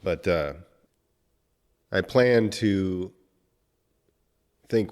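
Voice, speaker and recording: Choked-up man in a reverberant room. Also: on the low side. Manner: halting, many restarts and fillers, heavy swearing. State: emotional, choked up. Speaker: podcast host. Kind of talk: emotional tribute monologue.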